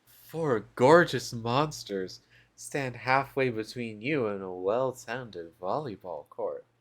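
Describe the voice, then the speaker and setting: A man's voice: medium pitch, slow. A man streaming a dating game, reading its text aloud and joking with playful, self-mocking asides.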